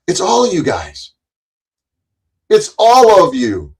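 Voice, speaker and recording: A middle-aged man rants straight at the camera, confrontational and crude, swearing constantly and tripping over restarts. His pitch sits a touch high for a man, and his voice leaps up and plunges down with wide, lively swings as he taunts. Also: slow pace, husky, rough recording. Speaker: YouTube commentator. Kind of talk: angry profane rant to the camera.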